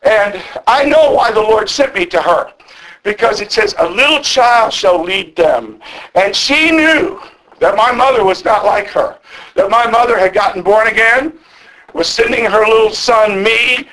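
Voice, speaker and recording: A man preaching a sermon in an earnest, halting way, repeating words and stretching key phrases slowly. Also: high-pitched, animated, a bit bright, low-quality recording.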